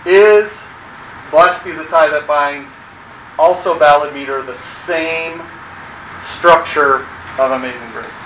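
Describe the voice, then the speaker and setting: A man's voice: on the high side, takes it slowly. Man teaching in an echoey room. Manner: relaxed, explanatory, many fillers. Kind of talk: classroom lecture. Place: large room with projectors. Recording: echoey room with background noise.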